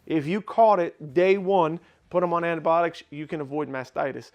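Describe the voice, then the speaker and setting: A man's voice: fairly high pitch, moderate pace, highs cut off. A man co-hosting a casual podcast about dog breeding, talking emphatically in a lecturing way and acting out little scenes.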